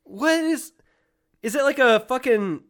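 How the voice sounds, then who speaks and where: A man's voice: very high voice, animated, a little slow, a bit bright. A man co-hosting a comedy podcast, chatting casually, incredulous and profane, laughing often. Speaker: podcast co-host.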